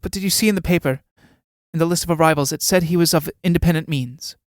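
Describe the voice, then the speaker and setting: A bitter middle-aged wife, scornful and needling, comes through in a smooth, raised voice, as a man reads her part. It is a dramatic stage-play reading, recorded close and dry, with no room sound. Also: on the high side, fast talker, no echo, voice pushed up, lightly acted. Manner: sarcastic, needling.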